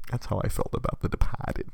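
A man's voice: darkish tone, no echo. A man hosting a live podcast in casual, rambling chat, swearing a lot and laughing often. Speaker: podcast host.

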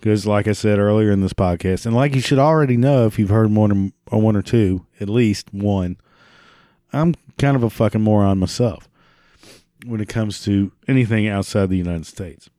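A man's voice: lowish voice, moderate pace, dark tone, no room sound, studio quality. A man hosting a solo podcast, reading and riffing with sarcastic, profane, rambling asides. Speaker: podcast host.

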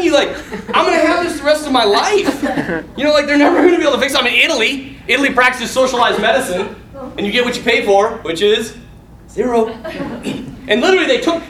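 A man telling a story in casual talk, animated, laughing often and acting out the voices of the people in it. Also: very high-pitched, recorded from a distance. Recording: echoey room, off mic, faint noise.

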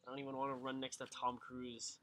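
A man co-hosting a podcast, teasing his friend in a dry, deadpan way. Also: mid-range voice, fairly quick, a little hiss or hum. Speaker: podcast co-host. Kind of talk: casual podcast banter.

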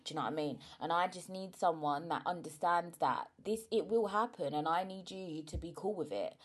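A woman's voice: fairly low pitch, fairly quick, husky. A young woman, chatting frankly and emotionally to camera, with plenty of fillers and swearing. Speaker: vlogger, mother. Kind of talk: casual chat to camera.

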